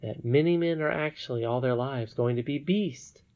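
A man reading an audiobook, voicing a wise, gentle old princess in a solemn, measured way. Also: mid-range voice, highs cut off, lightly acted.

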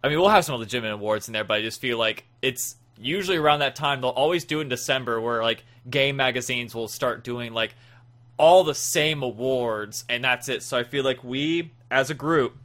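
A man's voice: mid-range voice, a little fast. A man hosting a casual gaming podcast, rambling and joking as he introduces topics. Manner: rambling, jokey, animated. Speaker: podcast host.

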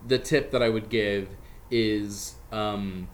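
A man's voice: fairly low pitch, fairly even intonation. Joking man explaining singing. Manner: joking, explains with quick asides. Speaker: comedian teaching barbershop singing. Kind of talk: casual group chat.

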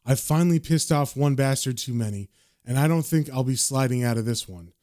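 A man voicing a dying, cynical male occult con man in a low, subdued, world-weary tone. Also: fairly quick, mellow, no echo, studio quality, close to an everyday voice. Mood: rueful.

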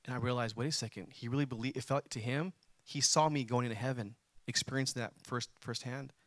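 A man's voice: medium pitch, fast, no room sound. A man preaching a sermon, telling a personal story and calling on the congregation to answer back. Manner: animated, calls on the congregation to respond.

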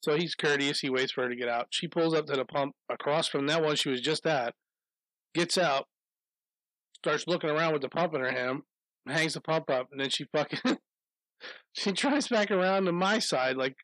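A man's voice: a little high, moderate pace, a bit bright, no echo, rough recording. A man telling a rambling anecdote in casual chat, swearing often and laughing as he goes.

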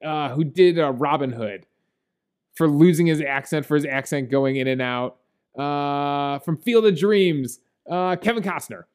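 Chatty higher-voiced man reviewing a movie. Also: a little slow, darkish tone, clean tone. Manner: chatty, laughs often, many fillers. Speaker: podcast co-host. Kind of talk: casual movie review chat.

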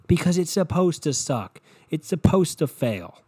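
Young man, podcast host, solo monologue, rambling, profane, dark mellow voice, dry close recording. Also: fairly high pitch, moderate pace, hardly any pauses, dry recording. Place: bedroom at home.

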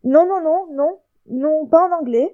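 Guy doing a high-pitched snippy french clerk lady, brushing you off, dull lo-fi sound. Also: normal speed. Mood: dismissive. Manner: flat refusals, repeated. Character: curt female French hospital clerk.

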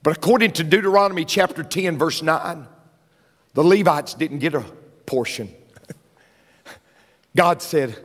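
A middle-aged man preaching a sermon, excitable, swinging between quiet asides and shouted lines. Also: on the high side, normal speed, pauses often. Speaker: pastor. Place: large church sanctuary. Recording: church hall with long reverb.

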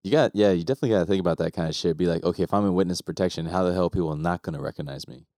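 Man, podcast co-host, deep voice, laid-back, swears casually, dry close sound. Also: racing, mellow, dry recording. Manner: laid-back, swears freely, laughs often. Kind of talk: casual chat.

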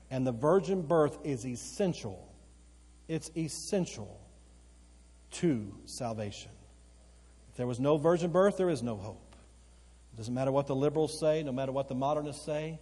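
A male pastor preaching a sermon, swinging between loud emphatic outbursts and slow, quiet, earnest stretches, repeating phrases for emphasis. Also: on the high side, husky. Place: church sanctuary. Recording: long church hall reverb. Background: occasional congregation responses.

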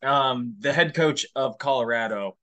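A man's voice: medium pitch, a little slow, fairly bright tone. A man co-hosting a casual sports podcast, speaking bluntly with a wry edge.

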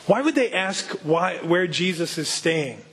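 A man's voice: sits high, lively intonation, unhurried, a bit bright, a little hiss or hum. A pastor reading a gospel passage aloud and then teaching on it, earnest and conversational, putting direct questions to his listeners. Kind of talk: Bible reading and sermon teaching.

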